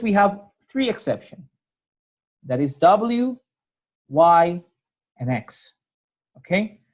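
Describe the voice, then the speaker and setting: Casting: unhurried teacher talking through a grammar lesson, patient, repeats things, always checking the class follows. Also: medium pitch. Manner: patient, repeats points, checks in with "right?" and "okay?". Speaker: English teacher.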